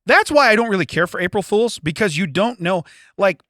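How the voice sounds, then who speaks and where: A man co-hosting a casual podcast, telling an animated story and acting out both sides of the conversation. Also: sits high, fairly quick, dry recording, clean studio sound. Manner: animated, swerves into quoted dialogue, self-censors swearing. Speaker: podcast co-host.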